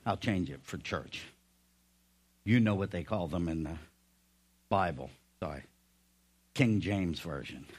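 A male pastor preaching a sermon, telling stories with folksy humor in an animated way. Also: deep voice, a little slow, long pauses, slightly rough.

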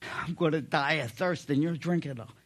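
A man's voice: on the high side, a little fast, a bit bright. A man voicing a thirsty, complaining male donkey who speaks in a whiny way.

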